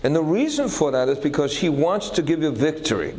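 Animated male preacher telling a story. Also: a little high, fairly quick, rough recording. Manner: animated, asks the audience questions. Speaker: pastor. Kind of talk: sermon with storytelling.

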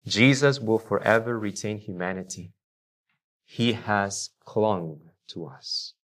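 A man preaching a sermon to a congregation, with emphatic swings between loud declarations and quiet low lines, and questions put to the listeners. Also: slow. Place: church before a congregation.

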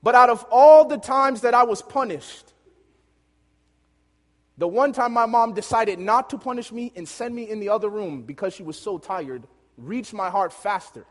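A man preaching and telling a lively personal story, laughing often as he goes. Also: high-pitched, moderate pace. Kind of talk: storytelling sermon. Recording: long hall reverb.

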